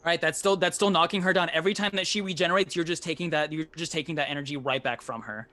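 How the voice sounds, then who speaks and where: A man's voice: a little high, racing, bright, forceful tone. A man running a tabletop game as game master, narrating combat loosely with fillers and swearing.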